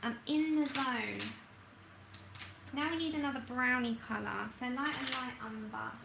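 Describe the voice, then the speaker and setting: A woman's voice: a little high, moderate pace, creaky, background noise. A woman chatting casually as she hosts a livestream, talking to herself while she works and often laughing at herself. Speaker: livestream host swatching colour pencils.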